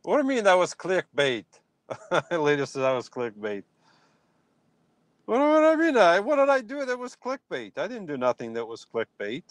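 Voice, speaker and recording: In a dry recording, a man with a high-pitched voice speaks at a moderate pace during a casual phone live stream. Standing outdoors in a yard at dusk, he reacts animatedly and talks back to comments from chat.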